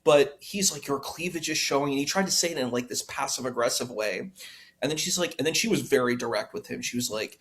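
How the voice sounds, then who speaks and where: A man's voice: mid-range voice, expressive, fast talker, a bit bright. A man hosting a reaction stream, ranting in a heated voice and firing off rhetorical questions. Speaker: stream host reacting to a debate. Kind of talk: casual reaction commentary.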